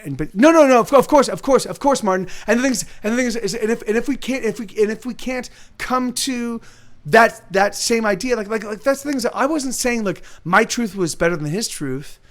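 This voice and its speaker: A man's voice: very high voice, fairly quick. A man talking in a rambling, profane monologue, restarting his sentences and answering chat readers by name as a livestream host. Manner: profane, repetitive, restarts often.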